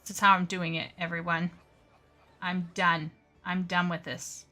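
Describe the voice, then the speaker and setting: Slow-talking bright-voiced woman streamer. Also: fairly low pitch, flat delivery, faint music behind. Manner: chatty, flustered, talks to chat while playing. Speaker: live streamer. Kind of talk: casual gaming livestream chat.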